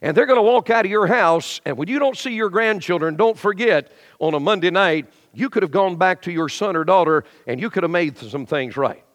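A middle-aged male pastor preaching a lively sermon in a church, acting out the voices of complainers and shifting to quiet storytelling. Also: sits high, a little fast. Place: church sanctuary. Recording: long hall reverb.

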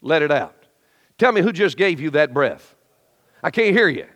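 High-pitched preacher in a reverberant hall. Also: male voice, moderate pace. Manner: animated preaching, acts out voices of complainers, drops to quiet intimate storytelling. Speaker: pastor. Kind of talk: sermon. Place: church sanctuary.

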